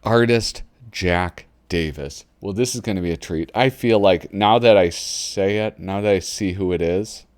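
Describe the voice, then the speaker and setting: Low and unhurried, this man's slightly mellow voice barely pauses, recorded dry. He hosts a channel and chats casually at his home computer desk, giggling and getting easily sidetracked as he flips through an old magazine.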